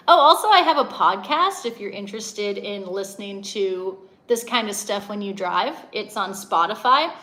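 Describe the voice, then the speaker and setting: A woman's voice: fairly high pitch, a bit bright. A young adult woman hosting a casual livestream, talking emphatically and answering viewer comments as a coach.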